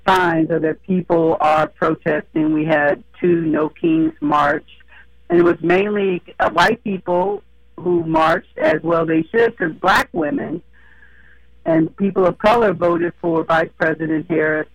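A hoarse woman calls in to a radio show and speaks her mind, outspoken and emphatic. Her voice is gravelly with a morning roughness. It comes through a dull, lo-fi phone line. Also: fairly low pitch, unhurried, no echo. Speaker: caller. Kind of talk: phone-in commentary.

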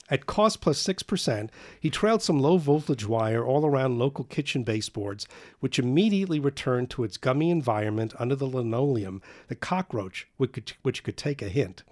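A man reading a novel aloud in a dry, wry way. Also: medium pitch. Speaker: narrator.

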